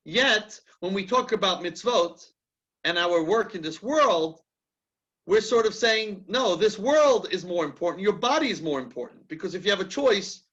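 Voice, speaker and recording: Here a man with a high, bright voice and a forceful tone leads a rabbinic class on lo-fi audio. He teaches through anecdotes, chatting his way through a story. He frequently starts his sentences over while working out his thoughts.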